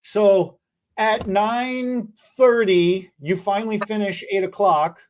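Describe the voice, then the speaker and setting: A woman's voice: medium pitch, takes it slowly, slight background noise. A woman hairstylist in casual chat, telling work stories and acting out her clients in put-on voices. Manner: animated, acts out clients in put-on voices, laughs often.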